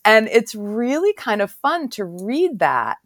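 A woman's voice: a little high, sing-song, slow, no room sound, clean studio sound. A woman hosting a podcast, chatting casually and thinking aloud with curious questions. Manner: thoughtful, lots of fillers, loose and curious. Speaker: podcast host. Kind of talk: casual interview chat.

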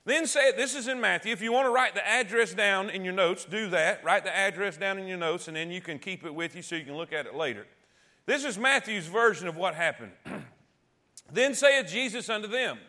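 Guy teaching bible study, high bright voice, emphatic and chatty, keeps restarting. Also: lively intonation, brisk. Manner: emphatic, conversational, frequent restarts.

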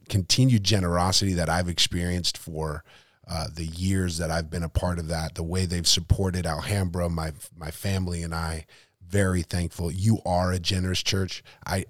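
A man's voice: low voice, no room sound, studio quality. A man, a pastor hosting a church podcast, talking earnestly with thanks and closing in prayer. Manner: earnest and thankful, with many restarts.

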